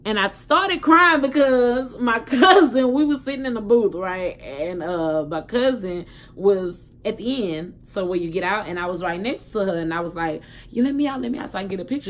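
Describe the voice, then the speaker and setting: A woman's voice: mid-range voice, lively intonation, normal speed, hardly any pauses, fairly bright tone. A young woman telling a casual story to her viewers, chatty and candid. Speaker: vlogger.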